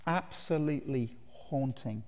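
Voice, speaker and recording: A man's voice: mid-range voice, measured pace, darkish tone. A man preaching a sermon at a conference, earnest and emphatic, putting direct questions to his listeners. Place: large conference hall. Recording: reverberant hall.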